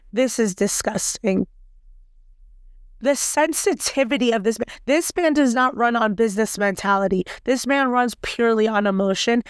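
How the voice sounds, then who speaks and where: A woman hosting a casual solo podcast, talking bluntly and heatedly with a raspy voice and plenty of swearing. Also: a little high, no echo, clean studio sound. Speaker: podcast host.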